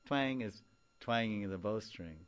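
Deep-voiced guy chatting to a small group, jokey, acts stuff out, laughs a lot. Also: moderate pace. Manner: animated, laughing, acts out little scenes and sounds. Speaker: spiritual teacher. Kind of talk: informal discussion with a small group.

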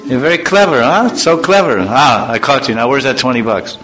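A man's voice: mid-range voice, animated, brisk, a bit bright, faint music behind, pitched above the performer's own voice, lightly acted, low-quality recording. A man voicing a suspicious father who teases and scolds his son in a mocking, sing-song way. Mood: teasing.

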